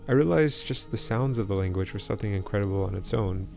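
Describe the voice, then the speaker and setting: A young man from the East Bay in California, narrating his people's language history with earnest, measured reflection. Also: lowish voice, vocal fry, darkish tone, soft background music. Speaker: language teacher.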